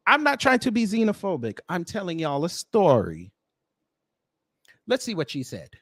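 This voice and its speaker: A man's voice: a little high, no echo, clean studio sound. An American man doing reaction commentary with a sarcastic, incredulous, slangy delivery. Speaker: commentary vlogger.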